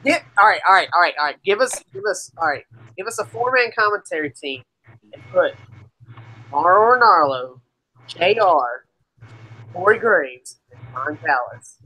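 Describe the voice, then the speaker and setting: A woman co-hosting a podcast in casual chat, excitable with loud exclamations. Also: on the low side, normal speed, pauses often, breathy edge, rough recording. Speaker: podcast co-host.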